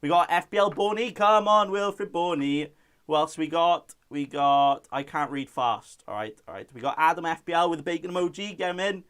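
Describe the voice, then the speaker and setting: A man's voice: on the high side, moderate pace, fairly bright tone, smooth. A young man from Wales, hosting a casual live-stream chat and reading out viewer messages in a jokey way.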